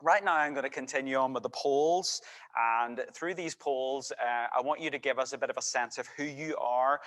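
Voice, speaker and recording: A man, a church worker giving an earnest, measured introduction with frequent hesitations. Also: mid-range voice, a bit bright. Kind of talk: introductory talk. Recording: long hall reverb.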